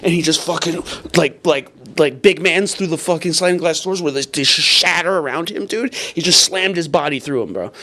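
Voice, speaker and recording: Comedian guest, male, slightly high voice, rambling and profane storyteller who keeps restarting his sentences. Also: normal speed, few pauses, pushed and bright. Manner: rambling with many restarts and swearing. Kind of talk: casual storytelling.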